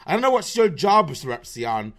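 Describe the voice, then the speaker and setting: A man with a somewhat raised pitch rants through an online commentary segment. He talks in a rambling, swearing, mocking way, stumbling over restarts as he goes. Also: sing-song, a little fast, fairly bright tone. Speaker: show host.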